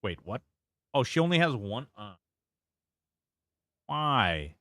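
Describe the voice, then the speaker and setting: A man's voice: mid-range voice, sing-song, takes it slowly, long pauses, sharp tone, no room sound. A man streaming a game and chatting casually, rambling and reacting as he plays, swearing freely into a close desk mic. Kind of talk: casual live-stream gameplay commentary.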